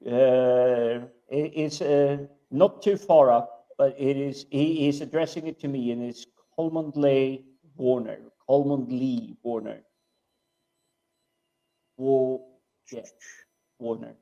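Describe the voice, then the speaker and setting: A man's voice: mid-range voice, steady tone, slow pace, pauses often, warm tone, dull audio. A man hosting a casual panel chat, easygoing, reading out viewer comments with hesitant fillers.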